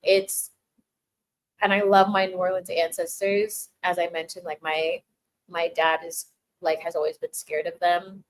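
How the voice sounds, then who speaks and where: A woman's voice: on the low side, level tone, measured pace, poor audio. Chatty, giggly woman hosting a livestream. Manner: chatty, laughs often, many filler "like"s and restarts; warmly thanks viewers reading chat. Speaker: livestream host answering chat. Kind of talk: casual chat.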